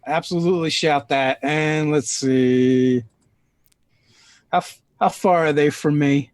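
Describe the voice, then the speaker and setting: Slow, dry-voiced man playing a game. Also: on the high side, steady tone, clean tone, dry recording. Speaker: player. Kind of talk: casual tabletop play.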